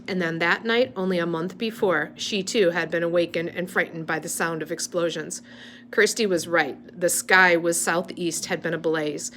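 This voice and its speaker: A woman's voice: fairly low pitch, fairly bright tone, a little hiss or hum. A woman reading a novel aloud in an unpolished, amateur way, stopping now and then to correct her slips. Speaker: reader.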